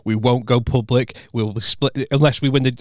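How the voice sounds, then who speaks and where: A man's voice: medium pitch, normal speed, no echo. A young man co-hosting a podcast, telling a prank story with lots of energy and swearing. He acts out what others said, in a dry, close recording. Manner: animated anecdotes, acts out quotes, swears freely. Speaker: podcast co-host. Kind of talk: casual chat, storytelling.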